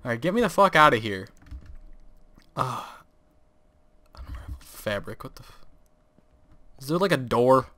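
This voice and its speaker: Young man, gaming commentary, bright voice, dry close mic, swearing, exasperated, typing behind. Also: medium pitch, expressive, moderate pace, pauses often, dry recording. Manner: profane, exasperated, swearing and laughing. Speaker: gaming video host. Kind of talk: let's play commentary. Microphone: desk microphone, close.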